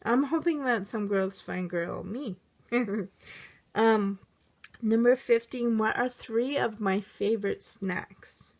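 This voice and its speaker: A woman's voice: on the high side, takes it slowly, a little mellow. A woman chatting casually to camera in a vlog, answering tag questions candidly with plenty of fillers. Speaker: teacher of young children. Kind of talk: casual chat.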